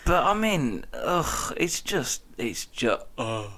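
A man's voice: mid-range voice, very animated, slow, a bit bright. A man in his late twenties from England, co-hosting a casual chat and telling stories animatedly, acting out quotes with laughs. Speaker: podcast co-host.

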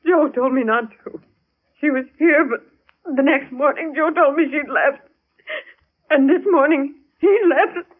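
A woman's voice: high voice, unhurried, pauses often. An actress playing a frightened middle-aged nurse posing as an old woman's daughter, in a 1940s radio drama. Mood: pleading, frightened. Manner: pleading, trembling. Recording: tinny lo-fi old radio broadcast with hiss.

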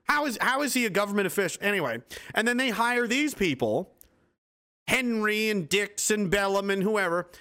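Man in his twenties, streamer, heated and sarcastic, swears a lot, fairly high voice. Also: expressive, moderate pace, bright, forceful tone. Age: 20s. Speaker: livestream host. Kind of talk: angry political rant on a livestream.

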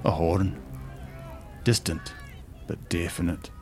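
A man narrating a fantasy story in a measured, expressive storytelling manner. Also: deep voice, music in the background. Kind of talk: audiobook-style fantasy story reading.

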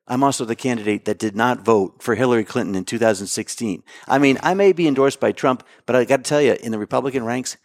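A middle-aged man of middle pitch fields questions as a candidate, pressing his points and restarting sentences as he goes. The sound is dry and close, with no room around him. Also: fast talker, few pauses, no room sound. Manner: insistent, talks over the host, many restarts. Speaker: political candidate. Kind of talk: interview answers.

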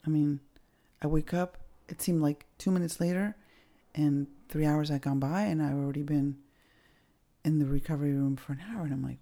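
A woman's voice: sits low, fairly even intonation, moderate pace, dark tone. A middle-aged woman hosting a podcast, telling a personal story in a candid, casual way, swearing now and then. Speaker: podcast host.

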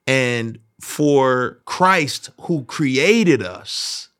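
Animated man telling a church story. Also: mid-range voice, very slow, clean tone. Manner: animated storytelling, acts out voices of people in anecdotes. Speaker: host. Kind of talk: casual commentary monologue.

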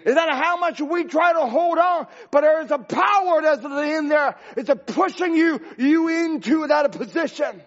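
A man preaching a sermon as pastor, impassioned and rising to shouts, with broken grammar. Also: extremely high pitch, lively intonation, moderate pace, hardly any pauses, highs cut off.

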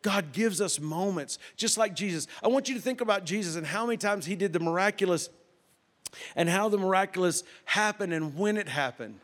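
A middle-aged man, preaching a sermon and telling a story, swinging from loud bursts to hushed retelling. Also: high-pitched, expressive, a little fast. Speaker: pastor.

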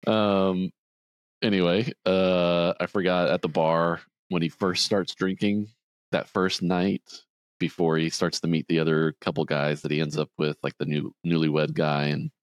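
Deep-voiced man recapping a movie. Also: steady tone, unhurried, smooth, no room sound. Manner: retells scenes, acting out quotes in a higher voice. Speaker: podcast co-host. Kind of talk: casual movie recap chat.

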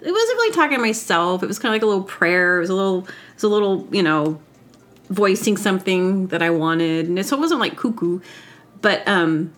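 A woman's voice: medium pitch, lively intonation, a little fast. A woman hosting a podcast, talking in a rambling comedic monologue, often breaking off and restarting her thoughts. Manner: chatty, self-interrupting, trails off mid-thought. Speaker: podcast host.

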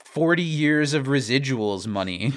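Podcast co-host, male, mid pitch, lively swinging delivery, acts out lines and laughs a lot. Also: measured pace. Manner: animated, laughs often, acts out quoted lines. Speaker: podcast co-host recapping a TV episode. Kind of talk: casual chat.

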